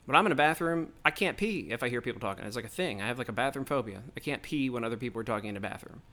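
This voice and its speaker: A man's voice: medium pitch, animated, racing, pushed and bright, slight background noise. Fired-up man ranting solo. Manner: heated, profane, rambling rant. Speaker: podcast host. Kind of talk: solo political rant.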